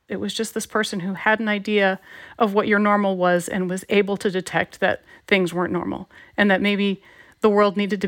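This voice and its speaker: A woman guest telling a personal story in a reflective, heartfelt way, pausing and restarting as she thinks. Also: medium pitch. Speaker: guest, advice columnist.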